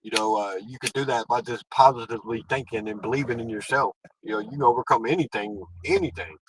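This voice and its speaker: A man's voice: mid-range voice, fast, slight background noise, rough recording. A man chatting casually on a livestream, laughing often and giving motivational talk.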